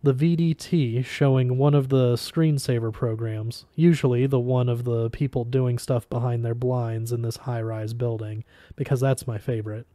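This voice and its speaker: Mellow-voiced man reading a story aloud. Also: mid-range voice, steady tone, normal speed, no echo. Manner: casual reading with small slips and restarts. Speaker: audiobook reader.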